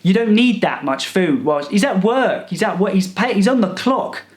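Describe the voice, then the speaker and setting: A man's voice: high-pitched, expressive, moderate pace, reverberant. A man telling a comic story as a rude, boastful character, sarcastic and fed up. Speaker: comedic storyteller.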